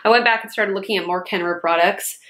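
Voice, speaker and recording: Chatty twenty-something girl gushing over hair stuff, says like a lot, normal pitch. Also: steady tone, fast, a bit bright. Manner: chatty, bubbly, lots of "like" fillers. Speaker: beauty vlogger. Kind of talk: casual product review.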